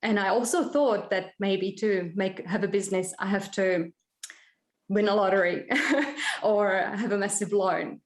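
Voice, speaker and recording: A woman from Prague with a Czech accent giving a halting, emotional acceptance speech full of fillers and nervous laughter over a video call. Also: medium pitch, steady tone. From Czech Republic. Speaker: award winner. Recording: echoey room.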